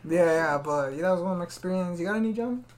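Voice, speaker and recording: A man's voice: high voice, fast talker. A man hosting a casual podcast, telling stories in a laid-back, slangy way. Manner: slangy, laid-back, keeps saying "fool". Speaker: podcast host. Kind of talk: casual chat, storytelling.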